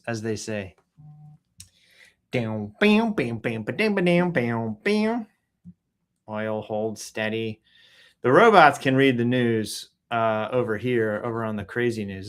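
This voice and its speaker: A man hosting a casual live stream, reading news and comments aloud in an offhand, joking way, humming sound effects and often clearing his throat. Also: mid-range voice. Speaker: livestream host reading news and posts. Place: at home in Texas.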